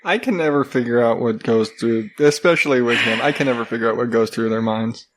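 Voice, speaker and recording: A man in his thirties co-hosting a casual home podcast, chatting about his kids in a relaxed, joking tone. He drops the odd mild swear word. His voice sits at an ordinary middle pitch for a man. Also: brisk. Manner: laid-back, joking, mildly profane. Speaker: podcast co-host. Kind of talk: casual chat.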